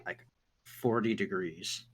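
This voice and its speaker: A man's voice: low-pitched, takes it slowly, fairly bright tone. A man narrating a tabletop game as game master, often stumbling and repeating words.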